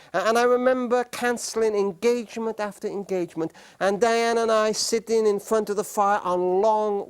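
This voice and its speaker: Before a live audience, a middle-aged speaker on marriage shares stories in an earnest manner. His voice is notably high with a clean tone, and he slows down on important words, pausing emphatically to give them weight.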